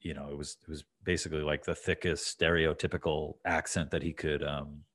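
Male podcast host with a very low voice, loose conversational delivery. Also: little pitch movement, fairly quick, fairly bright tone. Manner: rambling, many fillers and restarts. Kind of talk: casual conversation.

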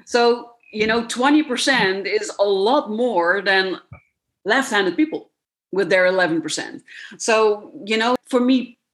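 A woman's voice: medium pitch, measured pace, fairly bright tone. Reflective woman, candid. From Netherlands. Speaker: guest, transformation coach. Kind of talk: podcast interview talk.

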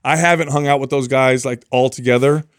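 A man in his forties telling stories in casual chat, animated, acting out the people he quotes. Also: medium pitch, fairly quick, clean tone, no room sound, clean studio sound. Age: 40s. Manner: animated storyteller who acts out quoted people. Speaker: podcast co-host.

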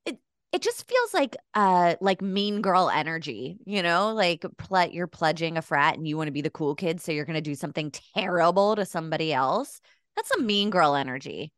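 A woman's voice: on the low side, animated, moderate pace, fairly bright tone, clear, resonant tone, no echo, clean studio sound. A woman co-hosting a podcast in casual chat, opinionated and laughing often. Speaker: podcast co-host.

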